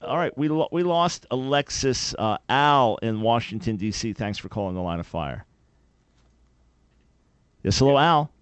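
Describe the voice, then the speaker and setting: A man hosts a call-in radio show and answers listeners' questions with earnest, emphatic explanations. His voice sits mid-pitch and close to the mic. The sound is dry, with no room around it. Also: expressive, measured pace, pauses often, smooth, dry recording. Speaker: radio talk show host.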